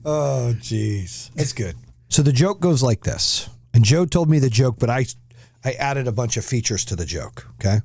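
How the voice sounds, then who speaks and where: Middle-aged male host, lively swooping delivery, dark voice, pushy and profane. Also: medium pitch, moderate pace, vocal fry. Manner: animated, profane, pushy questioning. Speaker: podcast host. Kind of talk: casual banter.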